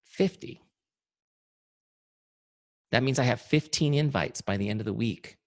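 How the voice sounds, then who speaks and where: In a motivational webinar on sales, a man teaches in a direct, forceful style, repeating key points and addressing listeners as "you guys." His medium-pitched voice is a little slow, with no room sound.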